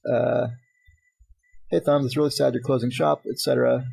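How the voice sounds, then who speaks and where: A podcast host reads listener emails aloud and chats casually, talking fast, animated, and laughing often. His medium-pitched voice is gravelly with a breathy edge, and the recording is rough.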